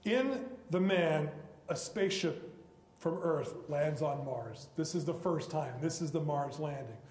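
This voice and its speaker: A man lectures from the stage of a college auditorium, his fairly high voice ringing through a large, echoing hall with a long tail of reverb. He tells the stories with animated flair and slips into the characters' voices for their lines. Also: measured pace. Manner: animated storytelling, acting out quoted characters. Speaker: guest lecturer. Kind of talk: public lecture on literature.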